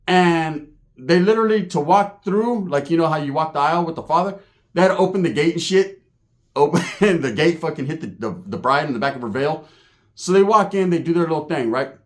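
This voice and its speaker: Profane storytelling comedian, fairly high voice. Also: male voice, fairly quick. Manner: animated, profane, acts out voices. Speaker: stand-up comedian. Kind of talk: stand-up storytelling.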